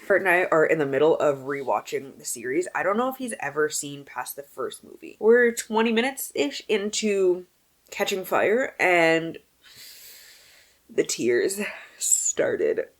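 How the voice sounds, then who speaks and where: Animated, swearing woman vlogger. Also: on the low side, measured pace. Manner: animated, swearing, swings from mumbling to loud exclaims. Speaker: book vlogger. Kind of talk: casual book wrap-up chat.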